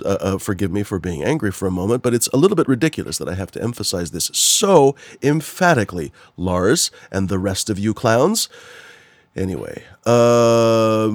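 Fast, animated male live-stream host. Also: fairly low pitch, dry recording. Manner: rambling, profane, fired-up disclaimers. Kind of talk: casual live-stream talk show.

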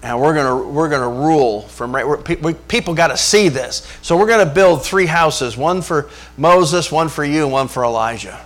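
A man's voice: fairly high pitch, normal speed, hardly any pauses, lightly acted. A man voicing a brash, impulsive male apostle in a sermon retelling, boastful and hasty as he lays out his plan. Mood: brash eager.

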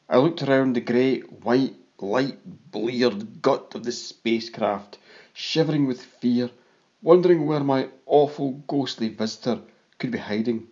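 A man reading a first-person audiobook in a slow, measured way. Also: medium pitch, a little mellow, highs cut off. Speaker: audiobook narrator.

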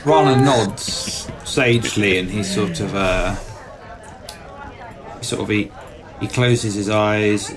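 A man's voice: on the low side, slow, long pauses, a crowd in the background. A man playing a tabletop game, describing what his character does with many restarts and repeated words. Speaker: player.

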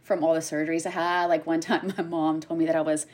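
A woman in her thirties telling a personal story in conversation, animated and acting out what others said in quick bursts. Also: sits low. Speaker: guest sharing a personal story.

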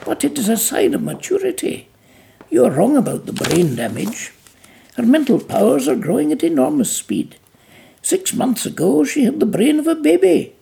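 A reader playing an eager, gentle eccentric doctor, speaking fondly and explaining things, in a gravelly, husky voice. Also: sits high, wildly swooping pitch, moderate pace, slight background noise, pitched above the performer's own voice, full character voice.

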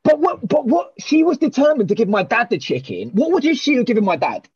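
A man, hosting a podcast and telling a long story in animated, sweary casual chat. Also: very high-pitched, a little fast, slightly rough, dry recording, highs cut off. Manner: animated, swears a lot, with many restarts and reported speech. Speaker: podcast host.

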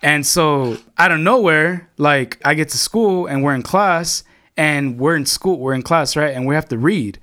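A man's voice: on the high side, normal speed, bright, forceful tone. A young man telling a long story to his friends in casual chat, rambling and swearing, with lots of filler words.

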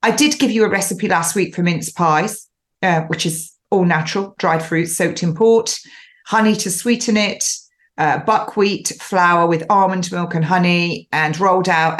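A woman in her fifties hosting a show, giving chatty, instructive advice in a casual monologue. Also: on the low side. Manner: chatty, instructive, laughs now and then. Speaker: show host.

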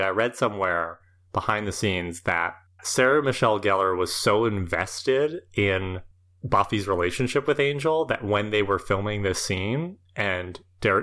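A man's voice: on the low side, bright, forceful tone. A man co-hosting a casual podcast, giving thoughtful, analytical commentary on a TV episode with plenty of hedging fillers. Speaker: podcast co-host. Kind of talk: casual chat.

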